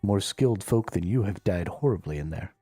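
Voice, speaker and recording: A haughty stray cat that talks down to humans and calls them names, as a man puts it on. The voice sits a little high with a mellow tone and sounds dry and close, with faint music underneath. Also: animated, a little fast, no room sound. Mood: scolding. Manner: haughty, scolding, insulting. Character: bossy, snarky free stray cat, male. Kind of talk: reading game dialogue aloud on a live stream.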